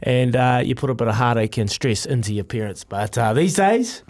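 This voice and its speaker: A man's voice: mid-range voice, big pitch swings, moderate pace, a little mellow. A middle-aged man with a New Zealand accent, co-hosting a breakfast radio show in casual chat and telling stories while laughing often. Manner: chatty storyteller, laughs often.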